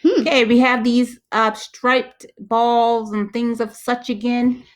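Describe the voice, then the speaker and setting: Speaking slowly in a higher voice with fairly even intonation, a woman math teacher walks through probability problems aloud. She goes step by step, chatty, and fixes her own slips along the way.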